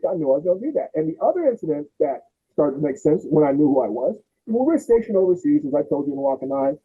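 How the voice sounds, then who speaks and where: An older man tells a long, animated story on a podcast, with a high voice that swings widely as he acts out relatives. His tone is husky, and the sound is thin and tinny, like a phone line. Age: 60s. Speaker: podcast host. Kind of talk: storytelling in casual chat.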